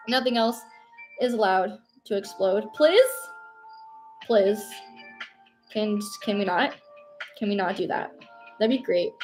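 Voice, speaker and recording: A young woman streamer chatting casually and rambling, reading chat aloud and laughing often. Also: mid-range voice.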